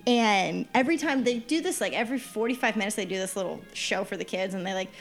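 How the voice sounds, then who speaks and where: A woman on a casual podcast, a lively storyteller who acts out the dialogue in her anecdotes. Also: mid-range voice, quick pace, gravelly, faint music behind. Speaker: podcast co-host giving a trip report.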